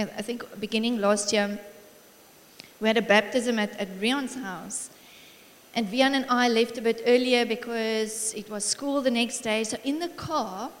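A middle-aged woman preaching a sermon in a church hall, warm and encouraging, telling family stories with frequent laughter. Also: fairly high pitch. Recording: long reverb of a large hall.

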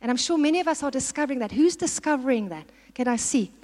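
A woman's voice: high voice, lively intonation, fast talker, darkish tone. A woman preaching a sermon, exhorting and putting questions to the congregation. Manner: exhorting, asks the audience questions. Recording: long hall reverb.

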